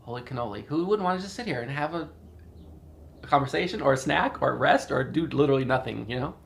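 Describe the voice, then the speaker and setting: A man's voice: medium pitch, expressive, fast, creaky, slight background noise. A man talking casually and rambling at home, repeating himself and laughing often. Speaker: podcast host. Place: indoors in a house.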